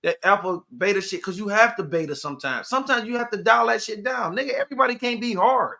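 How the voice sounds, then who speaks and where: A podcast host man talking in a casual, profane and preachy way, with sudden loud outbursts. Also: high-pitched, fast talker, vocal fry. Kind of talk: casual live podcast chat.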